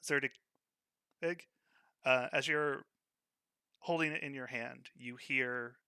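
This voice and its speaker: A man narrating as game master for a tabletop game, relaxed and descriptive, with filler words. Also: mid-range voice, slow pace, clean tone, dry recording, clean studio sound. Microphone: online voice call.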